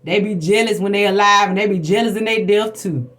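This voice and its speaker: A woman's voice: medium pitch, brisk, fairly bright tone. A woman hosting a spiritual livestream, telling personal stories in a blunt, profane, preachy way. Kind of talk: casual spiritual talk to viewers.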